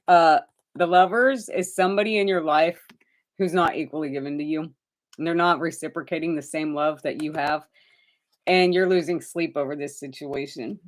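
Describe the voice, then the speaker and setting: A woman giving live tarot readings to viewers, chatty and direct, addressing them by name and calling them honey. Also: deep voice. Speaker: tarot reader.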